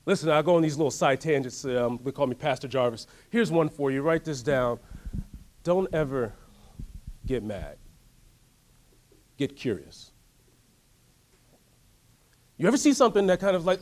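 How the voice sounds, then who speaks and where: A man giving a motivational workshop talk, telling a story in an animated way and asking the audience to join in. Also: a little high, moderate pace, long pauses. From United States. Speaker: workshop speaker. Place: workshop room.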